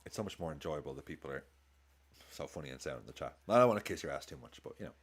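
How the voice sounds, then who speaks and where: A man hosting a football watchalong, chatting excitably and swearing as he reacts live to the game and his chat. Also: a bass voice, racing. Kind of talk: live match commentary and chat.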